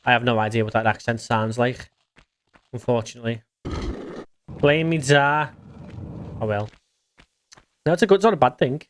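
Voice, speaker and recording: A man's voice: mid-range voice, normal speed, long pauses, slight background noise. A man with an English accent, chatting casually on a game live stream as he reads out and answers viewer messages.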